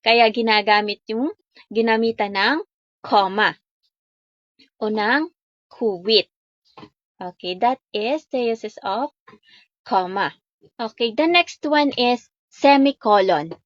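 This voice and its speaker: A woman with a Filipino accent giving a grammar lesson as a student teacher, speaking deliberately and opening most phrases with "okay", mixing English and Tagalog. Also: fairly high pitch, dry recording, highs cut off. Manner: switches between English and Tagalog.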